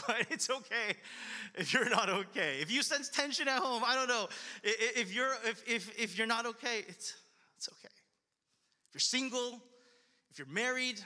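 Male pastor, casual earnest sermon delivery, bright tone, long reverb of a church hall. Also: high-pitched. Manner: earnest, conversational, repetitive.

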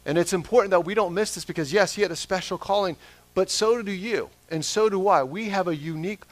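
A man's voice: high-pitched, a little fast, no echo. A man preaching a sermon as pastor, asking the congregation question after question. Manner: asks the congregation repeated questions.

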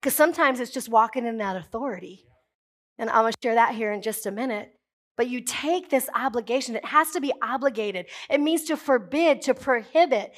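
A woman pastor with a high voice delivers a sermon. She speaks emphatically and builds to forceful declarations, breaking off now and then for jokey asides to her congregation. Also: brisk.

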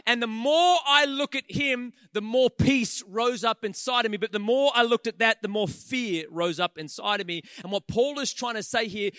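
A man preaching a sermon in church, animated and conversational, acting out the voices of the people he talks about. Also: extremely high pitch, normal speed, few pauses, clear, resonant tone, no room sound.

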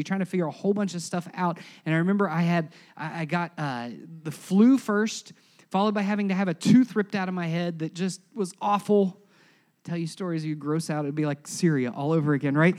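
Pastor, mid-pitched, talks like a conversation, builds to emphatic punches, sometimes drops near a whisper. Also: darkish tone. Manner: emphatic, conversational, rhetorical questions and humorous asides. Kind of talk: sermon.

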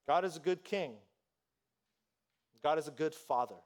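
A man preaching a sermon as pastor, telling a story with lively, animated delivery and acting out voices. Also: fairly high pitch, unhurried.

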